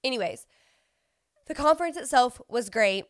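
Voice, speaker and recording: Her voice on the high side and animated, a young podcast host chats casually at normal speed, sniffling from a runny nose. She tells stories packed with "like", in clean studio sound with no echo.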